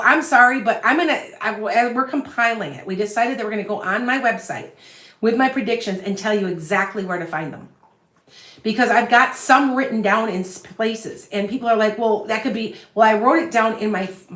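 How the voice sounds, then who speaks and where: Roomy echo surrounds a Midwestern psychic medium with a Chicago accent as she chats casually on a livestream. Her voice is medium-pitched and a bit bright. Self-assured, she rambles from one idea to the next into a phone on a stand.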